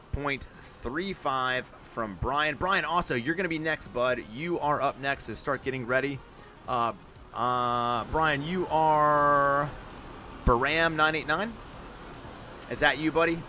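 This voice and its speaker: A man hosting a live stream, calling viewers' monster truck runs and reading out scores in a chatty, upbeat way with excited outbursts. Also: medium pitch, slight background noise. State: out of breath. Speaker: live stream host and announcer. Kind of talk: live-stream play-by-play commentary.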